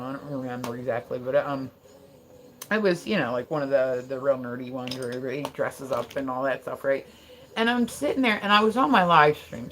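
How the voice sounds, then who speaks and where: A woman streamer recounts a story live to her viewers in a casual, worked-up way. Her voice sits a little low, and her talk is loose, profane and full of "like" and "right?". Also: slight background noise. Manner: heated, profane, peppered with "like" and "right?".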